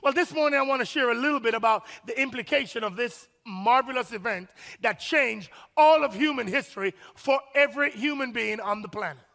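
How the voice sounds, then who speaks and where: A man preaching a sermon as pastor, with animated, lively storytelling and call-and-response with the congregation. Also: very high-pitched, brisk, creaky, few pauses, in a large hall.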